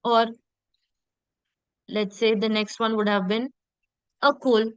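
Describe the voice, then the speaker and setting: A woman teaching French pronunciation in an online lesson, repeating sounds slowly and checking in with her class. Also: medium pitch, flat delivery, clean tone, dry recording, rough recording.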